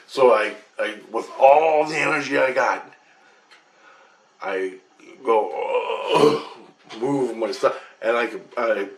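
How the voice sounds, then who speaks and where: A man's voice: medium pitch, takes it slowly, pauses often. A man telling his own story in a casual, emphatic way, swearing and restarting as he goes, recorded on a computer webcam. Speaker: vlogger recounting a past-life recall. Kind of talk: casual first-person storytelling. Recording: roomy echo.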